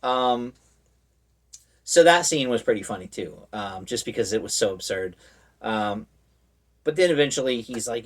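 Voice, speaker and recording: A man talks through a horror movie plot in a loose, rambling way, with plenty of "um" and "like" and dry, mocking asides. His voice sits at an ordinary middle pitch. He sounds a little distant from the mic. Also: animated, moderate pace, long pauses. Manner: rambling, filler-heavy, wry. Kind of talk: casual movie recap.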